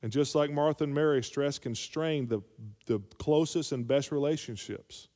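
A man's voice: on the high side, normal speed, few pauses, a little mellow. A male pastor preaching a sermon, calling for amens and rising to emphatic peaks. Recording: long hall reverb.

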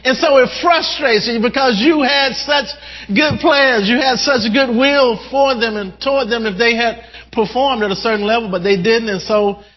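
A male preacher delivering an animated sermon, often repeating words as he addresses the congregation. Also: very high voice, normal speed. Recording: dull sound with long hall reverb.

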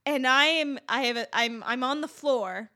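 A woman's voice: high voice, moderate pace. A young adult woman, a podcast co-host, chatting casually and acting out the lines of people in her story. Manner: animated storyteller, acts out quotes.

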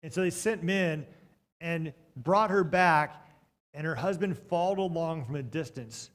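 Preaching a sermon built around stories, this man swings from loud outbursts to quiet passages and jokes with the congregation along the way. His voice sits on the high side, and he keeps a moderate pace.

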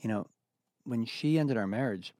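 A middle-aged man speaking as an interview guest, earnest and reflective, often halting and restarting his sentences. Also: medium pitch, a little mellow, dry recording, studio quality. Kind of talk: candid personal conversation.

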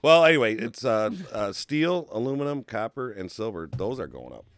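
A man's voice: lowish voice, big pitch swings, normal speed, no echo, clean studio sound. A man hosting a casual talk show, laid-back and chatty, often ending his lines with "man". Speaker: show host. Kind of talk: casual chat. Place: indoors behind a screen.

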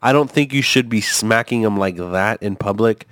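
A man's voice: on the low side, moderate pace, a bit bright, dry recording, clean studio sound. A man rambling through a casual podcast chat, swearing often and restarting his sentences with lots of fillers. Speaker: co-host reacting to a video.

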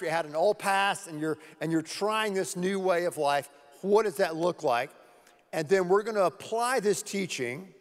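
A man preaching a sermon to his church as pastor, earnestly repeating key words for emphasis. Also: a little high. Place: church sanctuary. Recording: long hall reverb.

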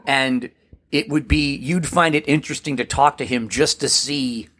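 A man's voice: medium pitch, fairly bright tone. A man co-hosting a podcast, cracking jokes and laughing in casual chat. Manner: wisecracking, quick to laugh. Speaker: podcast co-host.

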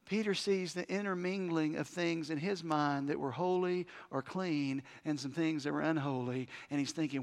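A man preaching a sermon as pastor, talking conversationally and punching certain words loudly for emphasis. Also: fairly high pitch, normal speed, hardly any pauses. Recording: long hall reverb.

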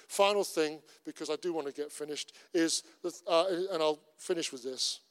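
A middle-aged Cornish pastor delivers a sermon at a normal speed, his voice a little high and fairly bright, in a Cornish English accent. He preaches earnestly and conversationally, repeating himself often, with the long reverb of a church hall around him.

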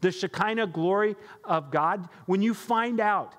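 A pastor giving a sermon in an emphatic, conversational preaching manner. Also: male voice, sits high, unhurried, a bit bright, long reverb tail.

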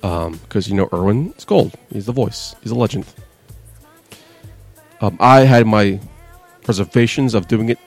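A man's voice: fairly low pitch, normal speed, long pauses, soft background music. A man co-hosting a wrestling podcast in casual chat, telling loose, profane stories. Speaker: podcast co-host.

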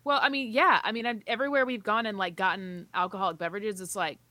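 A woman's voice: mid-range voice, fairly even intonation, fast, bright, forceful tone, dry recording. A woman co-hosting a podcast in casual chat, talking breezily with lots of fillers and easy laughs. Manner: chatty, laughs easily, filler-heavy. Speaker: podcast co-host.

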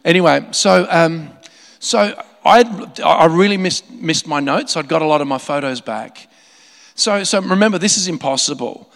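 A male preacher tells a story from the pulpit, his voice slightly high and gravelly with fry. He restarts his sentences often and breaks into laughing asides. The sound rings with the long reverb of a large hall. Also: expressive, moderate pace, a bit bright. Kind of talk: sermon storytelling.

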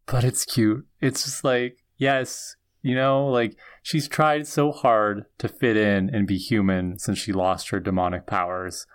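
A podcast co-host chats casually about a TV episode in a mid-pitched voice. The reactions are eager and enthusiastic, with frequent laughter. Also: steady tone, a little slow, hardly any pauses, smooth.

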